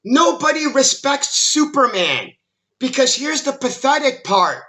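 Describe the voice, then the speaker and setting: A man with a high, bright voice rants about a movie, exasperated and emphatic. His pitch swings widely as he talks, and he keeps stumbling and restarting his sentences. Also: sing-song, unhurried. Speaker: film commentary YouTuber. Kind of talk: ranting movie critique monologue.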